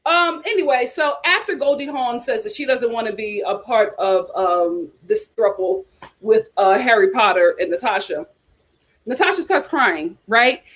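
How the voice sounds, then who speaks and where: A sassy woman hosts a casual reality TV commentary livestream. Her high voice swings widely up and down as she reacts and reads viewer chats. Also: animated, normal speed, fairly bright tone.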